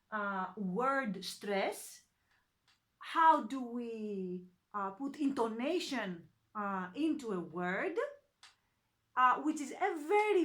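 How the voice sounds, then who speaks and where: Slow, patient woman teaching a lesson. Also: on the high side, a bit bright. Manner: patient, many fillers and self-corrections. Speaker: language teacher. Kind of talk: slow, hesitant online lesson explanation.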